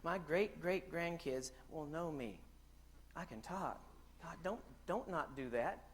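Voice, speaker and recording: A man's voice: fairly high pitch, expressive, slow, slight background noise. A middle-aged man giving a humorous keynote to teachers in a large conference hall, talking straight to the crowd. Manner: joking, addresses audience directly. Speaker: keynote speaker.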